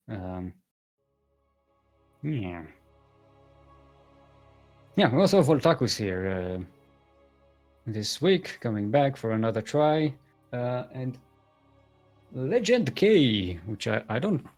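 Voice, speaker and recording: A man's voice: on the high side, very animated, unhurried, long pauses, soft background music. A young man casting a live game match on his own, rambling and joking with many fillers and restarts. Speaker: esports caster. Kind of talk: solo live game commentary.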